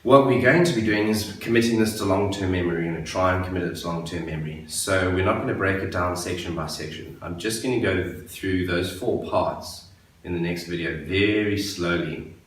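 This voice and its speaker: A man giving a relaxed guitar lesson for beginners, patiently explaining and counting beats aloud. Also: low voice, a little fast, a little hiss or hum. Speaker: guitar teacher. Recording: very echoey room, mic at a distance, guitar playing. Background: guitar playing.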